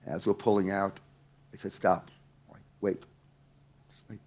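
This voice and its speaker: Intense man telling a story, loud to hushed. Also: low-pitched, little pitch movement, a little slow. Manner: intense, swings from loud to hushed, swears casually. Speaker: speaker teaching a workshop. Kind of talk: storytelling talk to a live audience.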